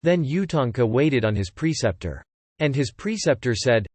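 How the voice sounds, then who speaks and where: A man reading an old epic translation aloud as scripted narration, in an even, measured way. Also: medium pitch, breathy edge, no room sound. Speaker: audiobook reader.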